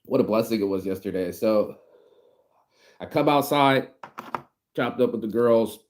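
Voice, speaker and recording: A man from the United States telling a story in a casual vlog, animated and slangy, acting out what people said. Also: on the low side, measured pace. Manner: animated slangy storytelling, acts out quoted voices. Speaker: vlogger.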